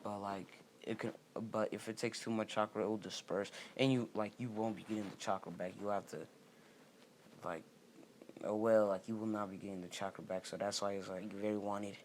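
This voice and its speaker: A man's voice: lowish voice, flat delivery, brisk, a little mellow, slight background noise. A young man telling a fan story off the cuff, rambling with many fillers and restarting sentences. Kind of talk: casual unscripted storytelling.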